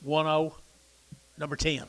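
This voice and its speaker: A man working as a livestock auctioneer, calling bids in a rapid rhythmic chant with quick asides to the crowd. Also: fairly high pitch, monotone. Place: cattle auction barn.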